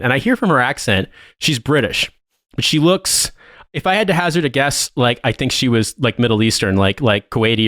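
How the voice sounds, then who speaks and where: A man's voice: mid-range voice, a bit bright, no echo. Rambling, laughing man on a dry mic. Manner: rambling, profane, laughs often. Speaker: podcast co-host. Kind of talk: casual storytelling chat.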